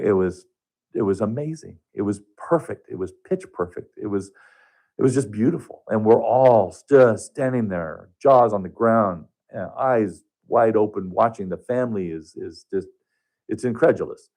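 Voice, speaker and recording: A man telling a personal story as a guest on a radio talk show, earnest and halting, often restarting his sentences. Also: on the low side, darkish tone. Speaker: radio guest, hospice touch therapist.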